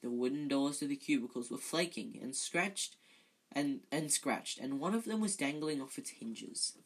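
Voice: mid-range voice, expressive, normal speed, breathy edge, poor audio. A reader narrating a novel aloud in an amateur way, often stumbling and correcting themselves.

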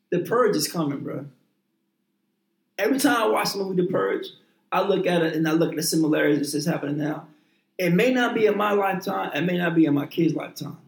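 A man talks in heated casual chat, swearing freely and hammering his points by repeating and restarting his words. His voice sits high for a man. The sound is roomy, with plenty of echo around him. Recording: roomy echoing room.

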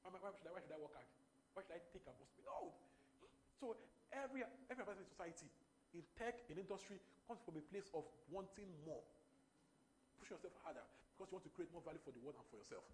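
A man preaching a sermon, emphatic and repetitive, rising into loud animated bursts. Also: sits high, fast, slight background noise.

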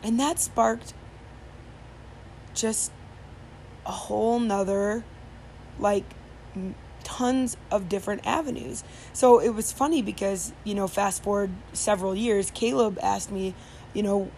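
A woman's voice: medium pitch, unhurried, vocal fry, long pauses, a little mellow, a little hiss or hum. Chatty woman telling a rambling story. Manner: chatty, rambling, many fillers and restarts. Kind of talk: casual storytelling.

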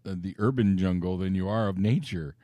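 A man's voice: sits low, a little fast, mellow, dry recording. A man co-hosting a casual podcast, putting in dry, wry remarks. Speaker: podcast co-host. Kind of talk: casual chat.

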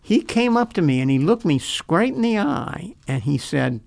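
Older male pastor with a raised, gravelly voice, sharing his personal faith story earnestly with stops and restarts. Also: high voice, sing-song, a little mellow. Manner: earnest, halting, repeats words as he recalls.

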